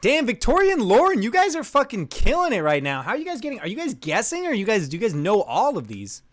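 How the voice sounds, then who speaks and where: Animated, excitable male streamer. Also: high-pitched, fast talker. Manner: excitable, loud outbursts and swearing when losing. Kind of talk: live-stream chat while playing a trivia game.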